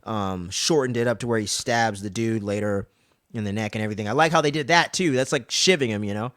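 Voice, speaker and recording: A man's voice: fairly low pitch, fast, fairly bright tone, dry recording, studio quality. Casual, profane man co-hosting a recap. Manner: loose and profane, acts out characters' lines when retelling scenes. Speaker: podcast co-host.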